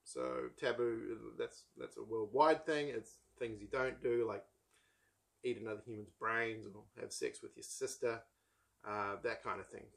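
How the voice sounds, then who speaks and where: A man's voice: medium pitch, fairly even intonation, measured pace, creaky. A man from New Zealand with a New Zealand accent, hosting a casual book chat in a rambling, wry way, full of ums and asides. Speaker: book channel host.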